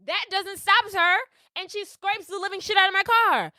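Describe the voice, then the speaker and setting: A woman telling a story as a podcast host, animated and profane, acting out what people said. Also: extremely high pitch, moderate pace, hardly any pauses, no room sound, studio quality. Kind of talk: casual storytelling.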